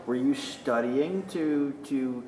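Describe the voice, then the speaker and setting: A man asks loosely phrased interview questions in a casual voice of middle pitch. The recording is roomy, with a faint steady noise behind him. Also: takes it slowly.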